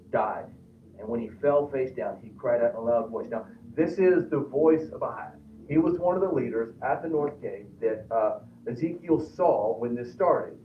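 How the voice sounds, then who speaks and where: A man leads a Sunday school class, reading scripture aloud and explaining it with animated, stop-start energy. His voice sits a little high. He is heard from some distance in a roomy space, and the sound is narrow and tinny like a phone line. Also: slight background noise. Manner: animated, repeats words when restarting, reads scripture aloud. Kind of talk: Bible class lesson. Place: church classroom.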